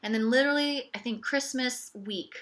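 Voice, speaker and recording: A woman's voice: on the high side, normal speed, fairly bright tone. A woman telling a personal story on her podcast in a candid, sarcastic way, full of casual fillers. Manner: candid, wry and sarcastic, repeating 'it's okay' ironically; conversational with frequent 'like' and 'you know'.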